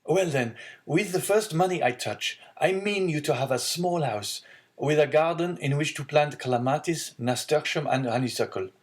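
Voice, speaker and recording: A man's voice: a little high, moderate pace, pitched above the performer's own voice, close to an everyday voice. A man voicing an earnest young sailor of twenty, devoted to his father, reading from a storybook. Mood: eager. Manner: earnest, pleading.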